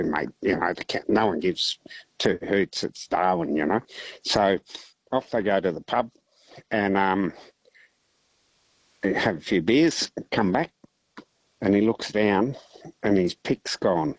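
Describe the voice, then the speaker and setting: An Australian man calling in to a radio show, telling a long joke in a relaxed, rambling way. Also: deep voice, takes it slowly, pauses often, no echo, rough recording. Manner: rambling, relaxed yarn-spinning. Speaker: caller, teacher. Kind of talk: casual phone-in storytelling.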